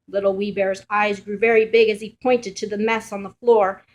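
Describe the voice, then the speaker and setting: A woman reading a children's picture book aloud in an expressive, playful storytelling manner. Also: medium pitch, moderate pace, few pauses.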